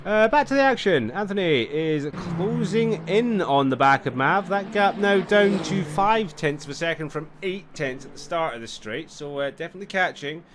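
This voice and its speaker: Tired sim racing commentator. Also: male voice, sits high, moderate pace, hardly any pauses, noisy background. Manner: chatty, apologetic, bursts into excited yelps. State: tired, yawning. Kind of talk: live esports race commentary.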